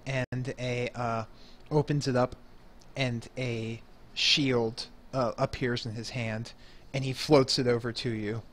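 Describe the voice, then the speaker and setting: A man running a tabletop game as game master. His narration is casual and halting, full of fillers and easy laughter. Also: medium pitch, little pitch movement, fairly bright tone.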